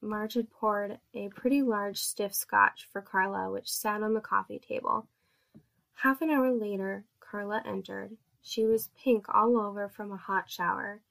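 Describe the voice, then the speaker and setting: A woman narrating an erotic story in a steady, measured reading voice. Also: mid-range voice, gravelly.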